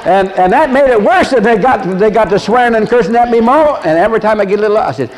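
A man's voice: very high voice, fast. Older preacher man in a hall. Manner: animated storyteller who laughs and acts out voices. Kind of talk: sermon with storytelling. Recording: long echo of a large hall, faint ambience.

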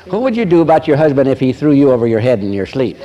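An older man preaching a sermon, telling personal stories in an animated way and asking the audience questions. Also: mid-range voice, fast talker, muffled recording.

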